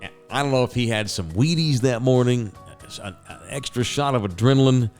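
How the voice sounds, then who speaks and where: A man's voice: medium pitch, fairly quick, a little mellow, soft background music. A middle-aged man telling a story as a host, casual, rambling and profane, with sound effects.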